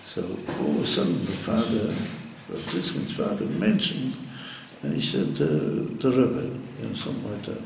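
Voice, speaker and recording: A rabbi tells stories to a gathering in a gravelly, mid-pitched voice that wanders and often restarts. He is picked up from across an echoing hall with a long reverb tail. Faint room noise sits underneath. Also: sing-song. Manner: halting, meandering storyteller with many restarts. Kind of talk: storytelling talk to a gathering. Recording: echoey hall recorded from far off.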